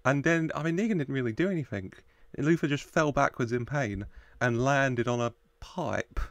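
A man's voice: mid-range voice, moderate pace, fairly bright tone, dry recording. A man hosting a reaction video, chatting casually and laughing often as he gushes over the characters. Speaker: reaction channel host.

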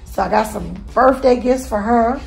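A woman's voice: on the high side, moderate pace, gravelly, darkish tone. Chatty middle-aged woman vlogger. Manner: chatty, folksy, encouraging. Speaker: vlog host. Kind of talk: casual chat to viewers. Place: home.

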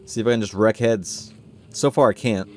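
A man's voice: on the low side, moderate pace, darkish tone. A man doing casual, rambling let's-play commentary, chatting with his viewers and mocking himself while he plays. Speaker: gaming streamer. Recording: noisy stream audio with game sounds.

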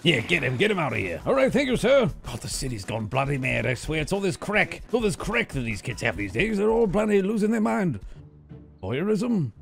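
A man doing in-character game role-play with a theatrical, mock-polite flair. His voice is slightly high and creaky, and it swoops widely as he plays up the comedy. It is heard over game voice chat. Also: very animated, brisk. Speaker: streamer playing a police character.

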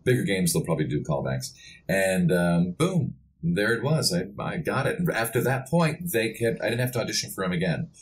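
A middle-aged male voice actor, a podcast guest, telling rambling, animated stories with many restarts. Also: low voice, fairly quick. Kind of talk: casual podcast interview.

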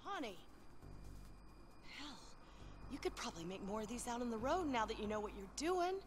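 A woman's voice: on the high side, very animated, normal speed, noisy background. A woman voicing a brash, folksy mechanic in a video game, talking casually and bluntly. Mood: impressed.

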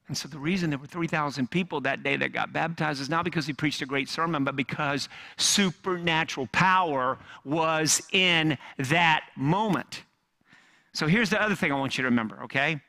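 Bright-voiced pastor preaching with dramatic hushes. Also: male voice, on the high side, normal speed, gravelly. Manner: dramatic storytelling, swings from loud emphasis to hushed near-whisper. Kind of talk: sermon.

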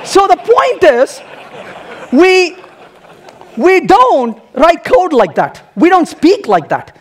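A man with a very high voice speaks to a conference audience, his pitch swooping up and down. He teases the room with rhetorical questions and keeps the tone playful throughout a technical talk. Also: sing-song, takes it slowly. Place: conference hall.

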